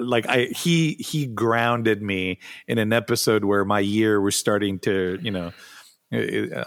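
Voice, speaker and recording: A man co-hosting a podcast, whose first language is not English, chatting casually with many restarts and fillers. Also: on the low side. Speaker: podcast co-host.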